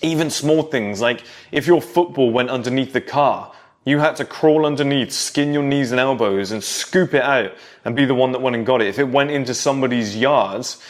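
A man's voice: medium pitch, normal speed. A man in his thirties talking casually to camera, reminiscing and lecturing younger viewers about how things used to be. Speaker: vlogger.

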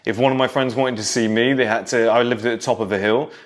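A man's voice: mid-range voice, fairly even intonation, quick pace. A man in his thirties speaks straight to camera in a casual, nostalgic monologue. He addresses younger viewers directly, recalling his own childhood with a lecturing edge. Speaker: vlogger.

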